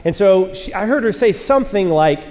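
A man in his forties preaches a sermon in a church auditorium with a live audience, and his voice sits high. He tells a self-mocking story in a loose, casual way and acts out the quotes. The sound carries a long reverb from the big hall. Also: animated, fairly quick, darkish tone. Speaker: pastor.

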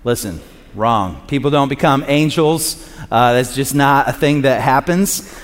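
A man's voice: mid-range voice, unhurried. A man preaching in a loose, conversational way, cracking jokes and acting out quotes between points. His voice rings out with a long reverb from a large hall. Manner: conversational and joking, acts out quotes. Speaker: pastor. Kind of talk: sermon.

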